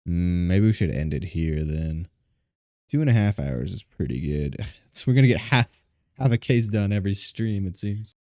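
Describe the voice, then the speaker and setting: A man with a notably deep voice chats with a co-player at the end of a live game stream. He rambles in a loose, playful way, and his pitch swings widely. The sound is close and dry. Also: lively intonation, moderate pace, warm tone, dry recording. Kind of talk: casual chat while live-streaming a game.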